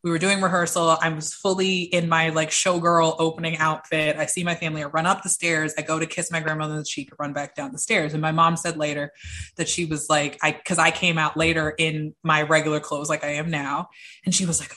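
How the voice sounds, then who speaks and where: A young woman, an interview guest, telling personal stories in an animated way and acting out the voices of the people she quotes. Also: low-pitched, quick pace. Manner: acts out quoted voices, lively. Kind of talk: animated storytelling.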